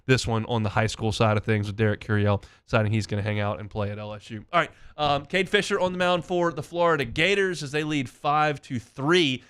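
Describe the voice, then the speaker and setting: A man's voice: mid-range voice, fairly quick, few pauses, fairly bright tone, clean tone. A man hosting a sports talk radio show, chatting through recruiting news and stats. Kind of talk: sports talk and live-read ads.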